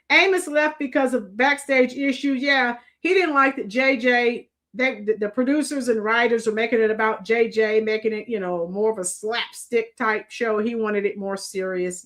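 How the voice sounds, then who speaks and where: A woman's voice: high voice, sharp tone. A middle-aged woman from Florida hosts a live stream in casual chat, rambling and answering viewers' comments by name.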